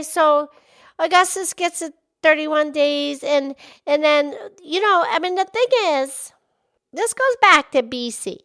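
A woman voicing a cheerful, excitable young pig who hosts a children's podcast, talking with eager bursts of excitement. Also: high-pitched. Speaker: podcast host.

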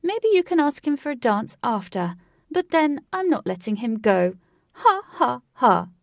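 A woman's voice: a little high, big pitch swings, normal speed, darkish tone, no room sound, clean studio sound, voice pushed up. A woman voicing a smug rival woman who growls and coos her taunts.

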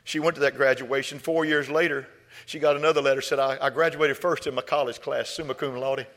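A male preacher, delivering a sermon through stories. He repeats his words and swings from soft storytelling to loud, high exhortation. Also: steady tone, fairly quick, long reverb tail. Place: church.

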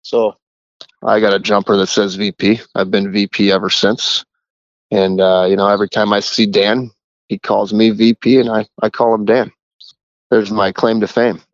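A man's voice: on the low side, little pitch movement, normal speed, dry recording, muffled recording. A man who works as a caddie, telling a rambling story in a casual voicemail. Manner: chatty, rambling.

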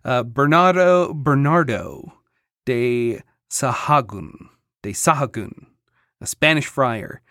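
A podcast host talks through history notes in a loose, joking way, tripping over hard names and laughing at the material. The voice sits at an ordinary middle pitch. It is recorded close and dry, with no room sound. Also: lively intonation, slow, a bit bright, no room sound. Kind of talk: casual chat, reading history notes.

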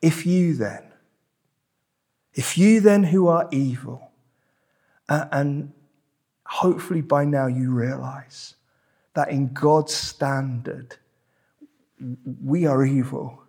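A man's voice: mid-range voice, slow pace, pauses often, dark tone, breathy edge. A man preaching a sermon in church, emphatic and repeating key words for weight. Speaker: pastor.

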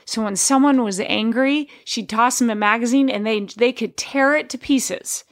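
Woman, podcast host, gravelly voice, candid, heartfelt, personal storytelling. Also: on the high side, normal speed.

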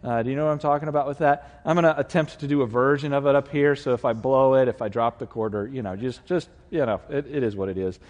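A man, the lead pastor, preaching a relaxed, conversational sermon to his congregation, with plenty of filler words. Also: medium pitch, fast talker, hardly any pauses. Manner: conversational, folksy, with many fillers. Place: church sanctuary. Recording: long reverb of a large hall.

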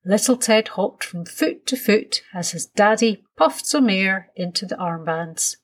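Woman reading a kids story aloud, slow and soothing, slightly husky voice. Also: medium pitch, lively intonation. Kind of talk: children's story read aloud.

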